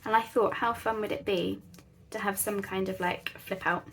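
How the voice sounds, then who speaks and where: A woman's voice: medium pitch, fairly even intonation, normal speed, a bit bright. A woman hosting a casual craft tutorial, chatting in a rambling, self-deprecating way at her craft table at home. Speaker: crafting channel host.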